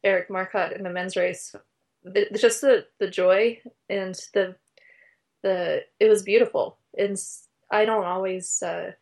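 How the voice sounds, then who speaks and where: A woman guest in a casual interview, speaking haltingly with many ums and restarts. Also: medium pitch, fairly even intonation. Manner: hesitant, halting, lots of fillers, warm enthusiasm. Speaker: race reporter guest.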